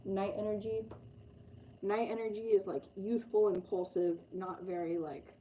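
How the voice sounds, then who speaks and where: A woman doing a loose, chatty tarot reading, her voice very dark and mellow. She wanders through her thoughts with lots of fillers and casual swearing, over a faint hiss of background noise. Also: medium pitch, little pitch movement, unhurried, muffled recording. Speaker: tarot reader.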